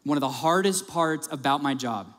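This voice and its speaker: A man with a notably high voice delivers a sermon as pastor. He presses his points emphatically, slowing down and dropping his voice on the words that matter. A long reverb trails each phrase, as in a large church hall. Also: fairly bright tone. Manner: emphatic, varies pace, drops low for key words.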